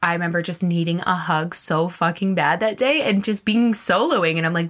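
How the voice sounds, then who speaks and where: A young woman hosts her own podcast and tells a story in a loose, unfiltered way. Her voice sits a little low for a woman, and her tone stays candid and animated, with casual swearing throughout. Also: fairly quick. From Canada. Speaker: podcast host.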